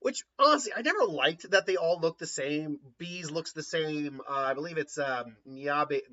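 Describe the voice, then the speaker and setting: A man casually retelling a fan story, rambling and animated with many fillers. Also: fairly high pitch, moderate pace, lo-fi sound.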